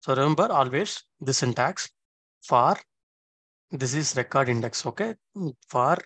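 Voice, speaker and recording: A man walks through code one step at a time, checking in with his listeners as he goes. His voice sits at a middling pitch and sounds dry and close, with no room around it. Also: fairly bright tone, dry recording. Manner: explains step by step, often checking in with "okay?". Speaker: instructor. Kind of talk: screen-recorded coding tutorial.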